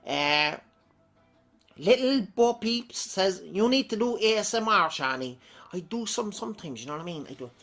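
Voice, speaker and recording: Irish male comic vlogger reading comments, bright, animated delivery that rambles and laughs a lot. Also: high voice, normal speed, faint music behind. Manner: rambling, chatty, laughs often. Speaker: comedic vlogger.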